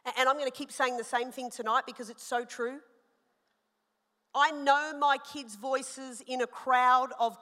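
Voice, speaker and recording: A woman pastor in her thirties preaching a sermon, animated and personal, telling stories with rising emphasis. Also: a little high. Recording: long hall reverb.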